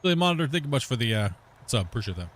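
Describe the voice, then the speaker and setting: A man from Canada hosts a multiplayer game stream, talking loosely to his friends. His voice is bright and forward, and he rambles with plenty of fillers and restarts. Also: mid-range voice, big pitch swings, rapid-fire, a little hiss or hum. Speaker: streamer host. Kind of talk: casual chat while gaming.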